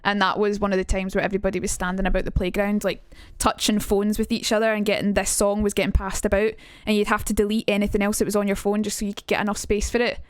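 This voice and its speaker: A woman's voice: medium pitch, completely flat delivery, no room sound. Chatty young Scottish woman streaming. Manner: chatty, swearing, quick asides. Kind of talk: casual live-stream chat. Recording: dry room, faint music.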